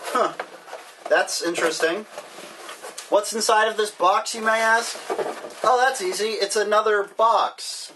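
A man's voice: sits high, measured pace, long pauses. A man hosting a casual mail-opening vlog, joking and rambling sarcastically as he opens packages. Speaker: vlogger. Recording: distant mic, faint hiss.

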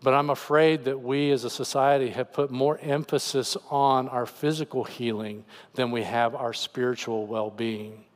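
A man's voice: mid-range voice, steady tone, normal speed, hardly any pauses, long reverb tail. A man preaching as pastor, earnestly explaining scripture in a conversational voice. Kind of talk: sermon. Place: church sanctuary.

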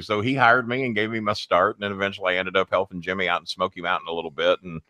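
A man hosting a podcast in casual chat, boastful and quick to laugh. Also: low voice, little pitch movement, pushed and bright, no echo. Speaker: podcast host.

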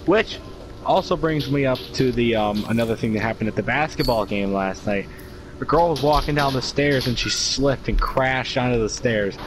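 A man's voice: medium pitch, moderate pace, noisy background. A young man, co-hosting a casual podcast, rambling through his own stories with many fillers. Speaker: podcast co-host. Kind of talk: casual storytelling chat.

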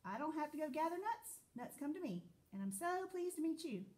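A woman voicing a fast-talking, self-pleased male squirrel in a storybook, with rapid chirpy chatter. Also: high-pitched, very animated, darkish tone, voice pushed up.

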